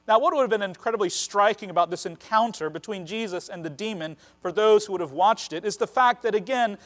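A man preaching a sermon, earnest and emphatic, slowing down to stress key phrases. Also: sits high.

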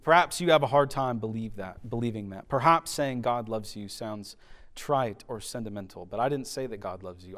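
A man's voice: fairly low pitch, moderate pace. Man preaching a dynamic sermon. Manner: dynamic preaching, swelling loud then dropping to soft, hushed emphasis; repetitive, rhythmic phrasing. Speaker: pastor.

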